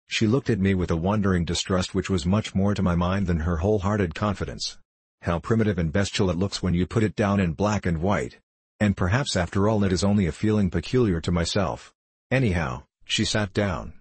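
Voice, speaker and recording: A man narrating an audiobook in a measured, deliberate storytelling manner. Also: low-pitched, husky, no room sound.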